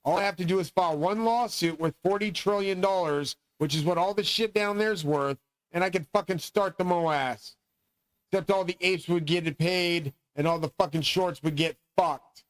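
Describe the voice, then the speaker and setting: A man's voice: high voice, moderate pace, no room sound, low-quality recording. A middle-aged man delivering a rambling, profane, grandiose monologue as host of his own channel.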